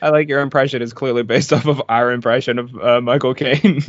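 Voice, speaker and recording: A man co-hosting a casual podcast, telling anecdotes in a relaxed way, on a dull lo-fi recording. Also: mid-range voice, brisk, no room sound. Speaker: podcast co-host. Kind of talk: casual chat. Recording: dry, dull lo-fi sound.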